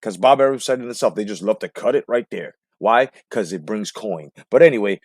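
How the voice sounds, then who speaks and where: A man hosting a boxing talk show, breaking down a clip with profane, animated commentary and rhetorical questions. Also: fairly low pitch, a little fast, husky, dry recording, clean studio sound.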